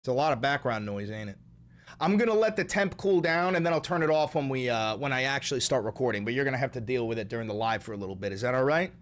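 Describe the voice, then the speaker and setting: A man hosting a live stream in casual chat, ranting excitably with a lot of swearing. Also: mid-range voice, fast.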